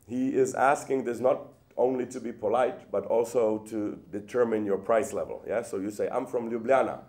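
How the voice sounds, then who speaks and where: A man giving a public lecture in a hall, with lively rhetorical questions and frequent restarts. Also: fairly low pitch, moderate pace.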